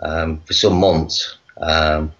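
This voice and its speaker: A man from England, a guest on a video call, telling his life story in a halting way full of pauses. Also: very deep voice, little pitch movement, fairly bright tone, dull audio. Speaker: guest, activist.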